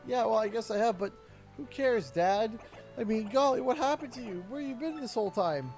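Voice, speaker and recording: A man's voice: very high-pitched, lively intonation, moderate pace, darkish tone, faint music behind, voice pushed up. A man voicing an earnest, polite young male turtle hero in a game playthrough. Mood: puzzled.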